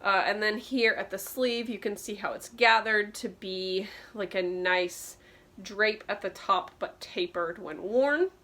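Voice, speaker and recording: A woman's voice: mid-range voice, a little slow, pushed and bright. A woman vintage clothing reseller giving a chatty show-and-tell tutorial, explaining details with frequent ums.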